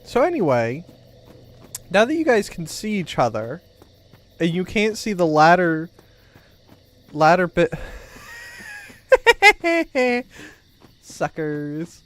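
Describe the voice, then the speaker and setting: A man's voice: a little high, sing-song, unhurried, long pauses. A man streaming a game, chatting casually with his viewers in a joking, rambling, teasing way. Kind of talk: casual gameplay commentary.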